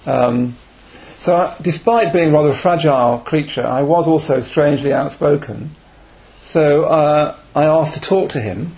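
Gravelly-voiced man telling anecdotes. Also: a little high, normal speed, a little mellow. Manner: candid, reflective, self-deprecating. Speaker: Buddhist speaker on retreat. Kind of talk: personal anecdote talk.

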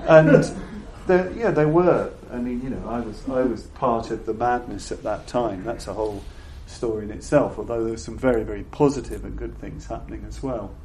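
Older male Buddhist teacher, mid-pitched, halting and repetitive delivery, roomy echoey hall. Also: darkish tone. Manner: halting and thoughtful, often repeating words as he searches for phrasing. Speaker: Buddhist teacher giving a talk. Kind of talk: reflective dharma talk to an audience. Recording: roomy echo with faint background noise.

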